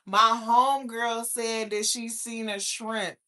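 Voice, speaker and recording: A young woman hosting her own show, chatting casually and reacting to viewer comments, brash and profane, breaking into loud laughter. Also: on the high side, fairly even intonation, slow. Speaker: host.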